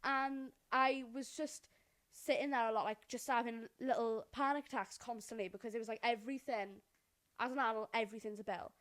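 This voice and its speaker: A woman co-hosting a podcast, telling a story in casual, animated chat and swearing freely. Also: fairly high pitch, brisk. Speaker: podcast co-host.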